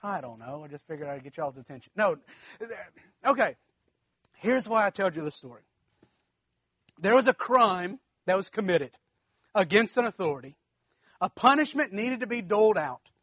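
High, bright-voiced man preaching folksy stories. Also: animated, normal speed, pauses often, slightly rough, no echo. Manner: folksy, chuckling, addresses the congregation directly. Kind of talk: storytelling sermon.

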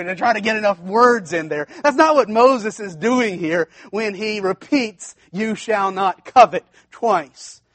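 A man delivers a sermon as pastor with a notably high voice, recorded dry with no room around it. He talks emphatically, repeating key phrases for weight and often restarting his sentences. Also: a bit bright, no room sound.

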